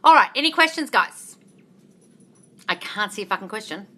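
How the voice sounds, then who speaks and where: Animated and sharp-toned at a medium pitch and normal speed, this woman runs a phone livestream Q&A as a manifestation coach. She curses openly, speaks bluntly, calls her viewers darling, and reads out and responds to their comments.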